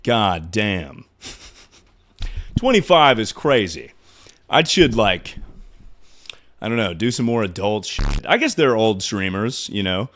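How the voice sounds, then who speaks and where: A young man in his twenties hosts a casual livestream while still out of breath. He is loud and excitable and swears freely. His pitch swings widely from line to line. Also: slow, long pauses. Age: 20s. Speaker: streamer.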